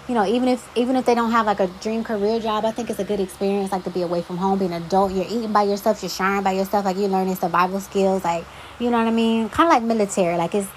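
A woman's voice: medium pitch, fast, slight background noise, rough recording. A young adult woman hosting a solo podcast, talking casually with emphatic, exasperated asides. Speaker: podcast host.

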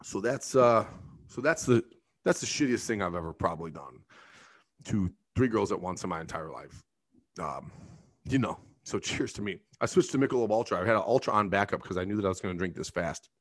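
Podcast host, man in his thirties, casual and profane, lively up-and-down delivery. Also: fairly low pitch, fairly quick. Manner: profane, rambling, self-mocking. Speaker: bartender. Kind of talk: casual storytelling monologue.

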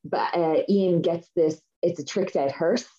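A woman's voice: on the low side, measured pace, mellow. A woman co-hosting a podcast, telling a story in an enthusiastic, rambling way with lots of fillers. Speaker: podcast co-host. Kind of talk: casual chat. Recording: dull lo-fi sound.

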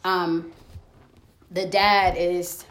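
A woman's voice: on the low side, little pitch movement, very slow, a bit bright, roomy sound. A woman co-hosting a casual podcast chat, rambling and laughing often. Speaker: podcast co-host.

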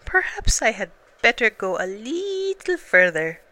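A dreamy, honey-loving bear drawls through his thoughts in a raised, bright storybook voice, as a woman reads him. He hums and trails off as he muses, slow and gentle. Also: a little high, big pitch swings, pitched above the performer's own voice, exaggerated voice. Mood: musing. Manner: musing, drawn-out, humming to himself.

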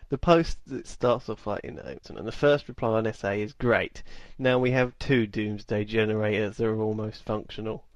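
A man co-hosting a podcast, chatting casually, excitable and swearing often. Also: on the low side, normal speed, hardly any pauses, dry recording, highs cut off. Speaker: podcast co-host. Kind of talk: casual chat.

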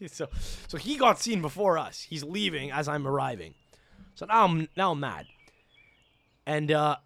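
A young man hosting a podcast, telling a story in an excitable, profane rant. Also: a little high, moderate pace, vocal fry, no room sound. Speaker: podcast host. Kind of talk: casual rant.

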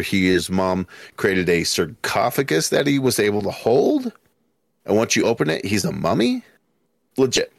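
A man's voice: fairly low pitch, gravelly, dry recording. A man talking as a guest on a casual podcast, rambling loosely and swearing freely into a podcast microphone. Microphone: podcast microphone with headphones.

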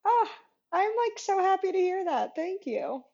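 A woman's voice: very high-pitched, big pitch swings, measured pace, warm tone, lo-fi sound. A woman, an actress guest in a casual interview, laughing often and downplaying herself. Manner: giggly and self-deprecating.

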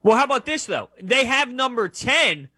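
A man co-hosts a sports talk radio show in a high, bright voice with a husky edge. He argues his points with energy and jumps into the conversation. The sound is dry and close. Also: no room sound. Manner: animated, argumentative, quick to jump in.

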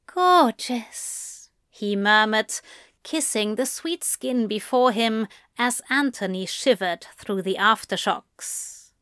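Woman reading fanfic, slow soft and kinda high, dry close mic. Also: clear, resonant tone, no room sound. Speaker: narrator. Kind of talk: reading fan fiction aloud.

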